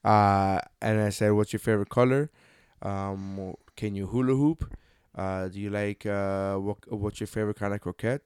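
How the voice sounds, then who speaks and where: A man's voice: lowish voice, fairly even intonation, normal speed, darkish tone, clean tone, dry recording, clean studio sound. A man in his thirties co-hosting a casual chat with his wife, joking and teasing as he retells a story. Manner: joking, swears freely, teasing. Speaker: podcast co-host.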